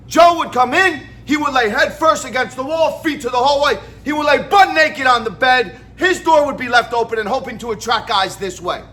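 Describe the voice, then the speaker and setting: A man giving a motivational monologue in an emphatic, profane way, often breaking into shouts. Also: extremely high pitch. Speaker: motivational speaker.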